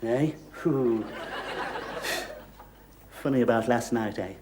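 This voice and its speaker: An actor playing a miserly, nosy middle-aged landlord who stammers and wheedles, in a 1970s studio sitcom. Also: male voice, medium pitch, takes it slowly, natural voice. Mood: blustering. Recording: noisy old TV soundtrack.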